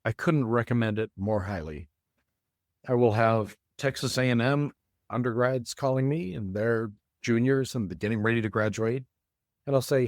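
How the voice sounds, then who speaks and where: A middle-aged man, a design consultant appearing as an interview guest, speaks at a medium pitch with a darkish tone. He chats casually and in a friendly way, slowing down to spell out details carefully and deliberately. The recording is dry and of studio quality.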